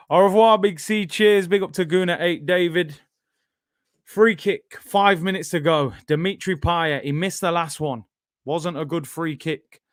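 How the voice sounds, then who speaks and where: A man with a British accent hosting a live football watch-along, bantering excitably and reading out viewer comments. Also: on the high side, unhurried, no echo, clean studio sound.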